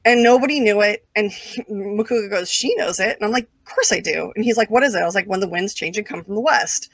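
A woman telling a long personal story as an interview guest, casual and animated, full of fillers and quick asides. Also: mid-range voice, no room sound.

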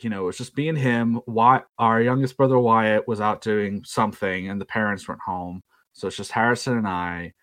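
A man's voice: on the low side, fairly bright tone. A young man from South Carolina with a Southern US accent, telling a story in a rambling, self-deprecating way. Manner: rambling, self-deprecating, acts out quoted voices. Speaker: podcast storyteller. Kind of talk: casual storytelling.

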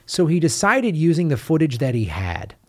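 A man's voice: fairly high pitch, normal speed. A man hosting a casual film podcast, telling a story with energy and retelling what others said. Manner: animated storyteller, retells quotes. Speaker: podcast host. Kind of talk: casual film review chat.

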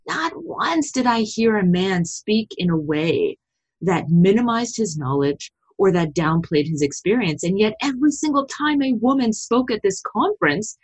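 A middle-aged woman, a sociology professor, telling a story in a podcast interview, with big jumps in pitch when she quotes herself. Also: measured pace, husky. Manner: animated storytelling, pitch leaps when quoting.

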